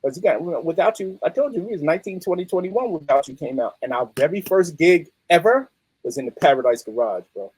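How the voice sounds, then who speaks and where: A middle-aged man, a musician guest telling stories in a streetwise, animated way. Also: a little high, fairly quick, husky, poor audio. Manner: animated, streetwise, peppered with "you know what I mean". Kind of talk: casual interview storytelling.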